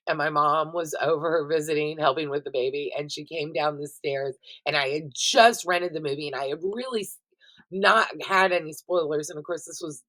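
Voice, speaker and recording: A middle-aged woman with a somewhat low-pitched voice runs through her week of viewing in a loose, chatty vlog. She talks right to her audience, swears easily, and keeps things expressive and conversational. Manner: chatty, expressive and profane, addresses viewers directly. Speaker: vlogger reviewing TV shows. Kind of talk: casual chatty recap vlog.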